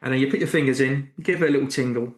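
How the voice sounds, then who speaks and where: A man's voice: mid-range voice, fairly even intonation, very fast. A man co-hosting a gaming podcast, given to teasing, mock-earnest banter. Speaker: podcast co-host. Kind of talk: casual comedic banter. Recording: echoey room.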